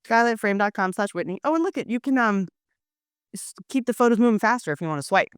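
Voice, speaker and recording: A woman's voice: on the high side, animated, fast, clean tone, no echo, studio quality. A woman hosting a podcast, reading a sponsor ad in a breezy, jokey way. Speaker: podcast host. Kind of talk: ad read.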